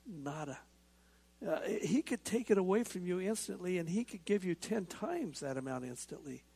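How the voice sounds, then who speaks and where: A man's voice: sits high, animated, moderate pace, creaky, dark tone, breathy edge. A man, a pastor, delivering a sermon in an emphatic preaching manner, repeating words and adding casual asides.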